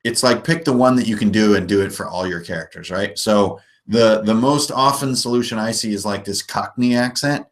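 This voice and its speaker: A man's voice: on the low side, fairly quick, hardly any pauses. A man in his forties hosting a live stream, chatting casually and rambling with jokes and self-mocking laughs. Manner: rambling, jokey, often laughing at himself. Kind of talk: casual live chat about tabletop gaming.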